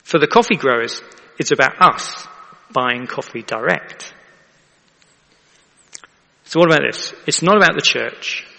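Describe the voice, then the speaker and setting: Chatty vicar with a gravelly voice. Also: male voice, medium pitch, lively intonation, a little slow, pauses often, sharp tone, long reverb tail. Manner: chatty, asks the audience for agreement. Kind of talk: sermon.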